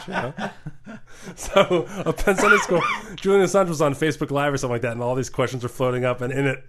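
A man co-hosting a comedy podcast, telling stories in an animated, laughing way. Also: medium pitch, fast. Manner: animated storyteller, laughs often. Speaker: podcast co-host. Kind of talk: casual comedy podcast chat.

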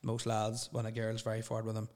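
A man's voice: on the low side, completely flat delivery, fast, a little mellow. A young man hosting a solo podcast, rambling and swearing bluntly as he answers listener questions. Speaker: podcast host.

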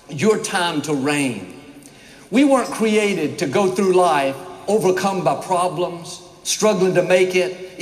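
A man preaching a sermon to a large congregation, folksy and upbeat, rambling a little before he gets going. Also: on the high side. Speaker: pastor. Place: church in a former basketball arena. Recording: echoey arena reverb.

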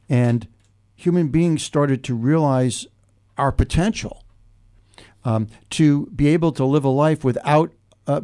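The speaker is an older man hosting a casual talk show as its podcast host. His voice is mid-range with a dark tone, and he tells a reflective story in a roundabout way full of restarts.

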